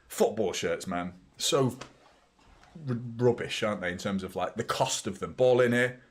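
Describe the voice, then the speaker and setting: A man's voice: lowish voice, measured pace, long pauses. Chatty man reacting to a match. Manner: chatty, swears, reacts loudly to play. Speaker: host of a football watchalong. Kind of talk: live match watchalong commentary.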